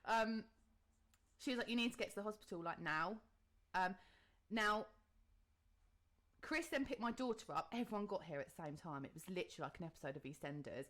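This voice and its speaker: A woman's voice: fairly low pitch, expressive, quick pace, a bit bright. A woman in her thirties from England, co-hosting a casual podcast chat, telling a long story and acting out her own reactions with casual swearing. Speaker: podcast co-host.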